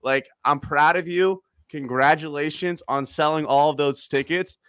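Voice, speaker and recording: A man in his thirties hosting a casual sports chat, excitable and animated, breaking into quick bursts of excitement. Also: on the high side, clear, resonant tone, no echo. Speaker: podcast host.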